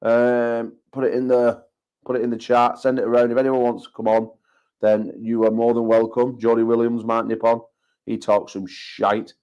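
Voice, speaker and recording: A British man, an arm wrestling promoter, hosting a casual livestream chat full of banter and quick joking asides, often repeating himself. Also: mid-range voice, flat delivery, darkish tone, smooth, lo-fi sound. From United Kingdom.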